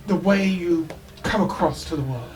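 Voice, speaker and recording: A man's voice: fairly high pitch, normal speed, darkish tone, recorded from a distance, lightly acted. A man doing a suave elf showman. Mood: smooth.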